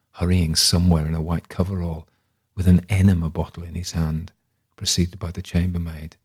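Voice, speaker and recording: Very deep husky male reader. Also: a little mellow. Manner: measured, reflective narration. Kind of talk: literary audiobook reading.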